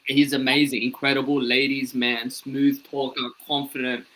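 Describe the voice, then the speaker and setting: A man in his thirties tells stories from his life in a relaxed interview, slipping into quick impressions of other people as he goes. His voice is bright and forceful, with a middle pitch. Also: rough recording. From Ethiopian, born in Sudan, raised in Australia. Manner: animated, acts out voices in his anecdotes. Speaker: comedian guest. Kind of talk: casual storytelling interview.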